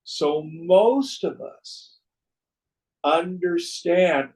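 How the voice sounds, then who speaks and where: A man giving a slow, measured spiritual talk on scripture, his voice trailing off softly at the ends of phrases. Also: fairly high pitch, lively intonation, vocal fry, poor audio. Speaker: spiritual teacher.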